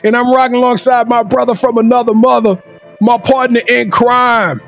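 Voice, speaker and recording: A man hosting a sports talk show, loud and sing-song, with shouted call-outs. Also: very high voice, steady tone, normal speed, vocal fry, soft background music. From Shreveport, Louisiana, USA. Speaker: podcast host.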